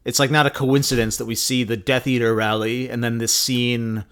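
A man's voice: mid-range voice, flat delivery, moderate pace, a bit bright, clear, resonant tone. A man co-hosting a podcast, adding thoughtful points in casual chat. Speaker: podcast co-host.

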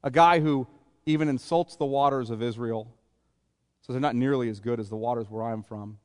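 A man's voice: mid-range voice, moderate pace, a little mellow, smooth, long reverb tail. A man preaching a sermon as a pastor, explaining scripture in plain, conversational paraphrase. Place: church sanctuary.

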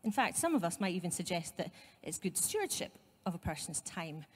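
A woman's voice: lowish voice, sing-song, fairly quick, husky, big-room sound. A woman pastor with a Scottish accent giving a conversational sermon, with asides to her congregation. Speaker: site pastor. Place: church.

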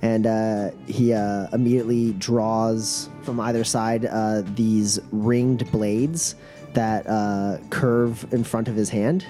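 A man narrates as game master, pausing often and filling the gaps with uhs and likes. Faint music plays underneath. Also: on the low side, steady tone, dark tone. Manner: halting, filler-heavy narration.

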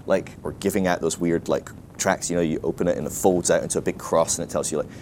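A man's voice: low-pitched, steady tone, fast talker, few pauses, darkish tone, a little hiss or hum. A man speaking at a ministry school, telling a self-deprecating story in a casual sermon, full of "like" and restarts.

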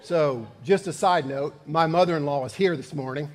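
Guy preaching, slightly high voice, folksy then fired up, echoey church. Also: moderate pace, a crowd in the background, noisy background. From Georgia, USA. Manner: folksy storytelling, building to emphatic peaks. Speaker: pastor. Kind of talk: sermon. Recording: long church reverb.

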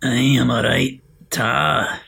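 A man putting on a gruff Glaswegian co-host. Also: mid-range voice, fairly even intonation, slow, sharp tone, heavily acted. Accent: put-on Glaswegian Scottish. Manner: mock-threatening, blunt. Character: gruff Glaswegian male co-host, cheeky and threatening.

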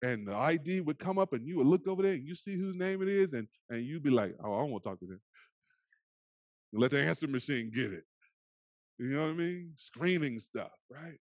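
Earnest preacher with a dry close sound. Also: male voice, fairly high pitch, expressive, brisk, no room sound. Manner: earnest preaching, dropping to soft hushed phrases. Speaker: pastor. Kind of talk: sermon. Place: church sanctuary.

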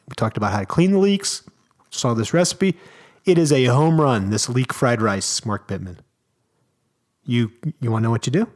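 A man's voice: mid-range voice, normal speed. A man co-hosting a podcast in casual chat, telling stories with enthusiasm and joking around. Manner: animated storyteller, enthusiastic, jokey. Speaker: podcast co-host.

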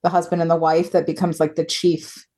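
A woman's voice: fairly low pitch, completely flat delivery, a little fast, warm tone. An American woman co-hosting a film podcast, asking questions in an easygoing, casual way. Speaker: podcast co-host.

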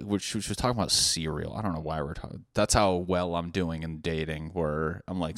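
A man's voice: deep voice, steady tone, fairly quick, hardly any pauses, fairly bright tone, no room sound, clean studio sound. A man hosting a solo comedy podcast, rambling through profane tangents with laughing asides. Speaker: podcast host.

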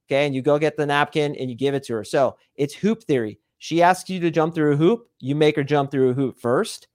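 A man's voice: on the high side, fairly quick, hardly any pauses, a little mellow, dry recording, studio quality. Confident man coaching on dating. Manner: confident, emphatic, acts out quoted dialogue. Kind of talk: podcast guest explaining.

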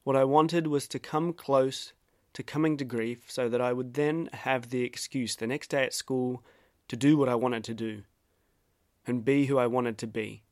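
A man with an Australian accent narrating a reflective personal essay in a measured, wry, self-deprecating way. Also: mid-range voice, no echo, clean studio sound.

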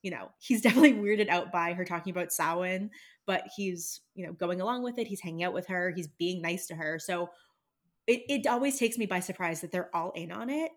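A young woman in casual podcast conversation with a slightly low voice. She talks in a measured, reflective way and works through her thoughts aloud. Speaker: podcast co-host. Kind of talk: casual chat.

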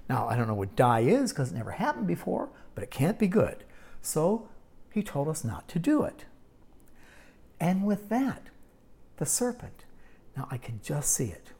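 A woman teaching a Bible lesson in sermon style, storytelling with dramatic pauses and wry asides. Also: low voice, sing-song, dark tone.

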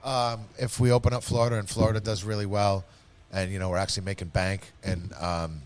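Man, low pitch, casual profane podcast co-host, fits a laid-back bar owner. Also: flat delivery, a little fast, a little mellow. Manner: profane, loose, filler-heavy.

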